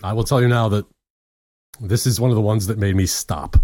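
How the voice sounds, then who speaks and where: A man's voice: lowish voice, steady tone, fairly quick, warm tone, dry recording. A man co-hosting a podcast, telling a rambling story with plenty of swearing and laughter on his own mic. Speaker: podcast co-host. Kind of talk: casual podcast chat. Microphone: own mic, recorded separately.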